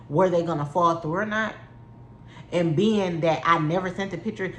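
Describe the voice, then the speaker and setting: A woman's voice: on the low side, fairly bright tone, roomy sound, slight background noise. A young woman, telling a heated storytime, swearing and repeating herself for emphasis. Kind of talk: storytime vlog.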